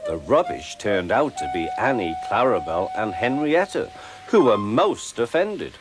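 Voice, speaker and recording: A man narrating a children's storybook in a gentle, expressive reading voice. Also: on the low side, a little slow, music in the background.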